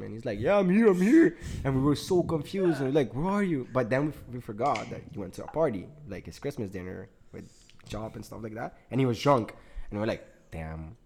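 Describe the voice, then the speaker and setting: A man's voice: mid-range voice, vocal fry, dark tone. Young man, casual storyteller, laughs a lot, mid-range voice, acts out quotes. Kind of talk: casual storytelling among friends.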